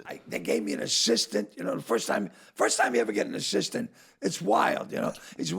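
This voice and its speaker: An older man, a comedian guest, telling stories in casual chat, acting out dialogue in quick bursts with a gravelly, husky voice. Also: sits high, huge pitch swings, fairly bright tone.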